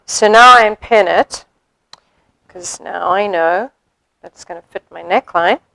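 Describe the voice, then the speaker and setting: A woman demonstrating sewing steps in a chatty way, thinking aloud as she works and filling pauses with ums. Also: fairly low pitch, vocal fry, bright, forceful tone, no echo, poor audio. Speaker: sewing instructor.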